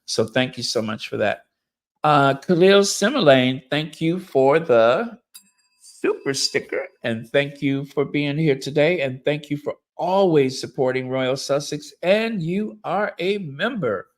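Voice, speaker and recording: A man hosting a live stream, slowly reading member messages and thanking them, and he gets openly emotional and effusive. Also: fairly high pitch, lively intonation. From United States.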